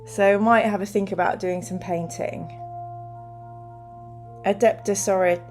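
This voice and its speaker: A middle-aged woman hosts a show, chatting casually and telling stories in which she acts out other people's voices. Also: mid-range voice. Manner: chatty storyteller who acts out quoted voices. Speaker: host. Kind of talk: casual chat.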